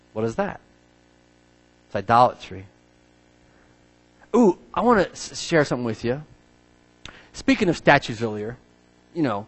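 Animated middle-aged pastor preaching. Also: male voice, breathy edge, no echo, poor audio. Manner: animated storytelling, swinging from loud excitement to low murmurs. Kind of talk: sermon.

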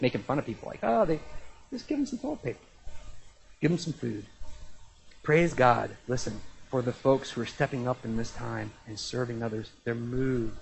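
A man preaching a sermon in a conversational, animated way, with sudden jumps in pitch and loudness. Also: gravelly, slight background noise, rough recording. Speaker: pastor.

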